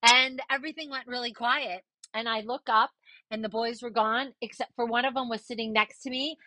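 Middle-aged woman, bright tense voice, dry close recording, casual storytelling, animated, swears. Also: a little high, a little fast, no echo. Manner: animated, swears freely, acts out quoted voices. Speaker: podcast host telling a personal story.

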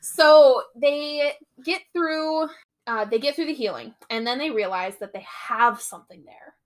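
Speaking in a high-pitched voice at a somewhat slow pace, a young female podcast host casually walks through the plot of a novel. She acts out quoted lines and swears often.

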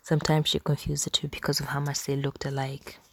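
A woman narrating a story in a hushed, unhurried whisper. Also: very deep voice, completely flat delivery, vocal fry, a little hiss or hum.

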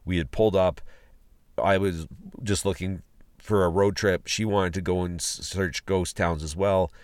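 A podcast host recounts a road trip while outdoors at a ghost town site, rambling casually with restarts and fillers like a spoken travel log. His voice is low and smooth, with a steady tone, a measured pace and no echo.

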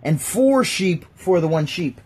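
Husky woman reading aloud with jokes. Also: on the low side, expressive, a little slow, darkish tone. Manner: jokey, reads aloud then riffs and mocks the text. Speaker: streamer reading scripture to chat. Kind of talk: casual livestream reading with commentary.

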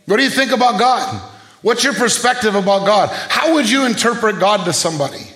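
High-voiced preaching man in an echoey room. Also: animated, brisk, sharp tone. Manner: call-and-response preaching, rhetorical questions. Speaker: pastor. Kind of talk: sermon.

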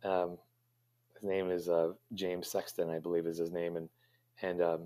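A man's voice: low-pitched, little pitch movement, moderate pace, mellow. A middle-aged man, a pastry chef guest, answering interview questions in a rambling, reflective way with many fillers and restarts.

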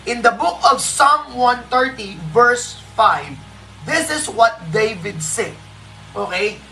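A devotional preacher with a Filipino accent, giving a live morning sermon slowly and emphatically and repeating key phrases. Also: mid-range voice, lively intonation, pushed and bright, faint music behind, rough recording. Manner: slow and emphatic, repeats key phrases, switches between English and Tagalog.

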